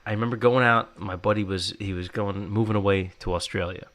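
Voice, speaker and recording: A man in his thirties hosting a podcast, talking in a relaxed, reflective way. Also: on the low side, a little fast. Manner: relaxed, reflective, quotes himself. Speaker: podcast host. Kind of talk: casual chat.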